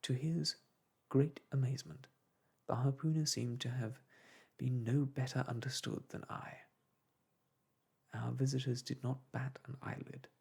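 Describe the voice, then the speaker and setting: Husky, hushed male storyteller. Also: mid-range voice, fairly even intonation, unhurried, pauses often. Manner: hushed, breathy and gentle. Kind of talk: soft ASMR storytelling.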